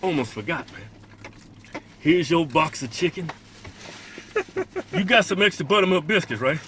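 A young man in his twenties hosting a comedy vlog from a car at a drive-through, loud, profane and teasing. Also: on the high side, animated, normal speed, a little hiss or hum. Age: 20s. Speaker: YouTube comedy host. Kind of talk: casual car vlog banter.

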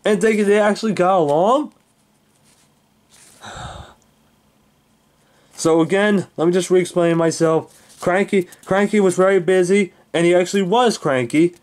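A man's voice: high voice, unhurried, long pauses, darkish tone. A man giving a heated, swearing rant as a video reviewer, often restarting his sentences. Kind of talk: angry ranting review.

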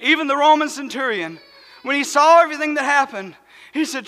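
A man's voice: very high voice, lively intonation, a little fast, pushed and bright. A man preaching a sermon in a church, speaking with fervent emphasis. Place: church sanctuary. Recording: long church reverb.

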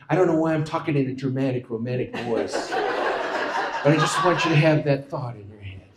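A man's voice: medium pitch, moderate pace. A man leading a congregation in a casual church talk, joking and coaxing the crowd to answer. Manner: playful, joking, coaxes the audience to respond. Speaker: worship leader and speaker. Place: church sanctuary. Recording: roomy church with music behind.

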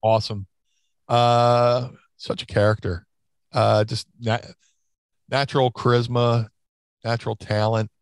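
A man's voice: mid-range voice, flat delivery, measured pace, long pauses, clear, resonant tone, no echo. A man in a casual interview, telling stories in a rambling way with many restarts and fillers. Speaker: interview guest, former wrestler. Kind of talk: casual storytelling.

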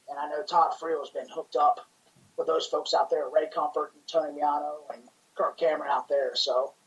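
Enthusiastic rambling host, a bit far off. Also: male voice, fairly high pitch, fairly bright tone, muffled recording. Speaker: podcast co-host, pastor. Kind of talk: casual interview chat.

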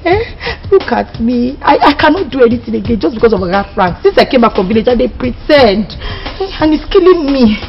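A loud, gossipy Nigerian chatterbox. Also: female voice, fairly high pitch, a little fast, hardly any pauses, highs cut off. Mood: excitable. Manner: excitable, boisterous, bursts into shouts. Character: loud gossipy young woman, a restless talker. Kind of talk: film drama acting.

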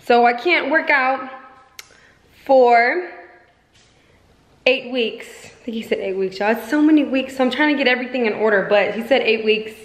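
A woman's voice: on the high side, moderate pace, long pauses. A woman vlogging casually at home, chatty and rambling, full of fillers as she talks to her viewers. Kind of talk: casual vlog chat to viewers.

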